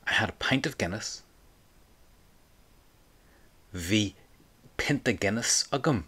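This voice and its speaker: A man's voice: on the low side, a bit bright. A man teaching an audio language lesson, patiently prompting the listener and repeating phrases for them to say back.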